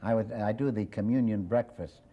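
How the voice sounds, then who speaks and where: An older man, a comedian guest, chatting in an interview as a quick, wisecracking storyteller. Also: lowish voice, breathy edge. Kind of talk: casual interview chat with joke-telling. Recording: dull lo-fi old TV recording.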